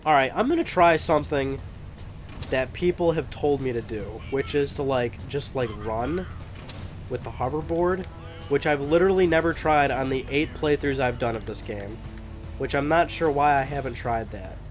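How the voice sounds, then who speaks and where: A man's voice: medium pitch, moderate pace, over music. A young man giving casual, rambling let's play commentary, swearing and laughing often. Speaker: gameplay commentator.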